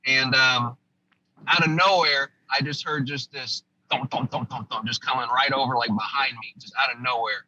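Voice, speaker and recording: A former army sergeant from the United States recounting a combat story as a podcast guest, telling it vividly and acting out what people said. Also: male voice, medium pitch, steady tone, normal speed, sharp tone, dry recording, muffled recording.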